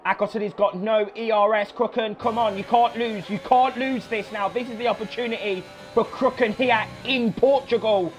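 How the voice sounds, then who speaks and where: A young man giving live sim-racing commentary, excitable, swearing and shouting encouragement at the drivers. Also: sits high, moderate pace, hardly any pauses, soft background music. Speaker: race commentator.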